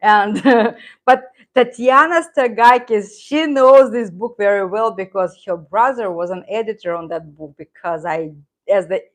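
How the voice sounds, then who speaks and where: This middle-aged channel host and Russian teacher speaks unhurriedly in a mid-range voice with her native Russian accent. Chatting casually on a live stream, she wanders from point to point, reads comments aloud and laughs often.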